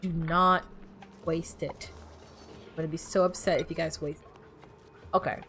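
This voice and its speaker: A woman's voice: low voice, steady tone, a little fast, a bit bright, a little hiss or hum. A woman streamer chatting casually while playing, rambling and bossing her game characters around. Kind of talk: casual gameplay chat.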